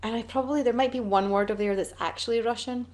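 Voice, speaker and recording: A woman's voice: on the high side, steady tone, fast talker, darkish tone. A woman in a chatty, rambling and self-deprecating casual chat to camera, answering fan requests as an actress.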